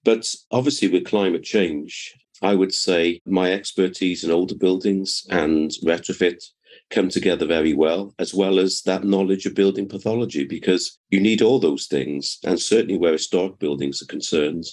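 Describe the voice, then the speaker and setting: Older man, very low voice, measured expert guest. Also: steady tone, darkish tone. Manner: measured, explanatory. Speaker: professor and building surveyor. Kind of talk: interview answers.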